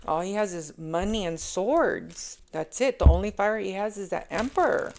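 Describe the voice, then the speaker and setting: A woman's voice: mid-range voice, animated, moderate pace, hardly any pauses, darkish tone, slight background noise. A woman giving a casual spoken tarot reading, talking emphatically and repeating key phrases for weight. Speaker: tarot reader.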